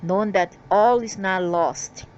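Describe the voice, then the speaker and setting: A woman's voice: medium pitch, a little slow, clear, resonant tone, highs cut off. A woman reading out channeled spiritual messages in a rambling way, breaking into defiant, scolding asides.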